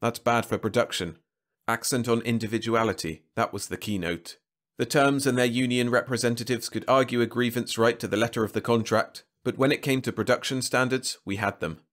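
Low-voiced male story narrator. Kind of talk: scripted narration.

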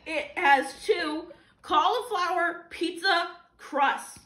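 A woman's voice: very high voice, takes it slowly, pushed and bright. A young woman reviewing a boxed food item with sarcastic jokes and frequent laughter. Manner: sarcastic, joking, laughs often. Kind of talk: comedic food review chat. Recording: echoey room with faint noise.

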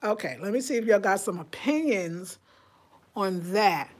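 A woman chatting casually on a live stream from inside her home, animated and talking straight to her viewers. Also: medium pitch, a little slow. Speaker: vlogger.

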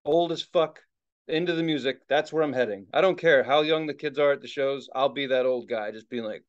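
A middle-aged man co-hosting a podcast in casual chat, excitable and rambling, swearing often and restarting his sentences. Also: medium pitch, fairly quick. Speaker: podcast co-host. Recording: dull lo-fi sound.

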